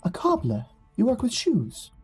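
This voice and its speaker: Man putting on a squeaky stammering hunchback scholar, giggly, frantic, faint music behind. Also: huge pitch swings, unhurried, darkish tone, slightly rough, heavily acted. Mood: excited. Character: hunchbacked excitable male scholar.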